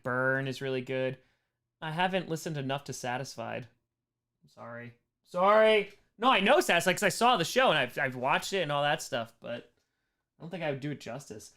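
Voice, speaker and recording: A man hosts a casual livestream Q&A, reading chat questions aloud and poking fun at himself. His voice sounds worn and hoarse. It sits fairly high and swings up and down a lot. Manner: animated, reads chat aloud, self-mocking jokes. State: hoarse, strained voice. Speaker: streamer answering viewer questions.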